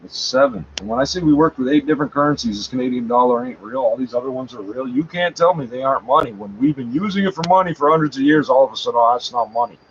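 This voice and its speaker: A man's voice: mid-range voice, lively intonation, fast talker, hardly any pauses. A man reading a page aloud and talking back to it, scornful, correcting it and swearing often. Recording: dull lo-fi sound, faint background noise.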